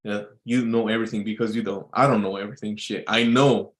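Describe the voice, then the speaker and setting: A man's voice: lowish voice, fairly even intonation, fast talker. Rambling man in a casual monologue. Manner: rambling, many fillers and restarts. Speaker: entertainer.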